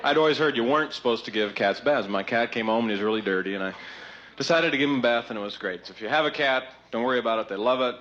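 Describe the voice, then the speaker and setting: A man doing a live stand-up act. His bits swing from deadpan asides to mock-exasperated outbursts. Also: medium pitch, rapid-fire, slight background noise. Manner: mock-exasperated, rising to shouts. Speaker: stand-up comedian. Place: stage before a live audience. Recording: dull vintage live TV audio with crowd.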